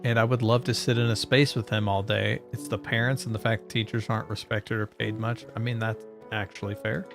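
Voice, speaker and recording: A man's voice: on the low side, level tone, fairly quick, creaky, over music. Man rambling and joking with chat. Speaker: streamer. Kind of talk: casual chat while streaming a game.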